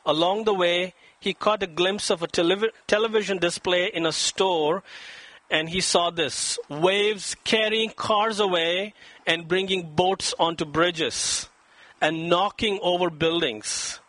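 A man preaching a sermon in a high, bright voice, and he throws himself into the quoted lines with dramatic emphasis. The sound is dry and close, with no room echo. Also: fairly even intonation, unhurried. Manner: dramatic, acts out quoted voices with rising pitch. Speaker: pastor.

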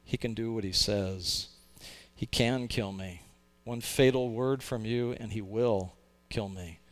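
A man voicing a lizard that clings to a ghost, talking in a hushed, coaxing, pleading way. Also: on the low side, slow pace. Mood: warning.

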